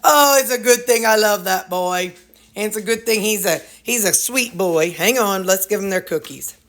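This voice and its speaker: A woman's voice: mid-range voice, normal speed, fairly bright tone. A middle-aged woman chatting casually to her viewers in a rambling, folksy way, sprinkling in mild jokes. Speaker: vlogger.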